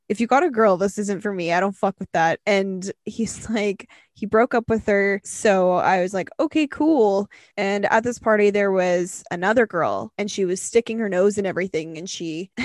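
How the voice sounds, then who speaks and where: A woman's voice: medium pitch, dry recording, clean studio sound. Giggly, foul-mouthed young woman podcaster. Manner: profane, giggly storyteller. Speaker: podcast co-host. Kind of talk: casual chat, reading a listener story.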